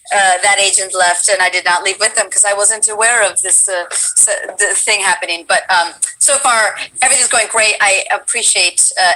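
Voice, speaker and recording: A woman's voice: mid-range voice, pushed and bright, poor audio. A woman hosting a casual livestream interview, enthusiastic and exclamatory.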